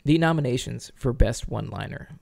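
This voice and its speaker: A man's voice: mid-range voice, animated, fairly quick, creaky, darkish tone. A man co-hosting a casual podcast, joking and teasing his partner in a playful, dry way. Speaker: co-host.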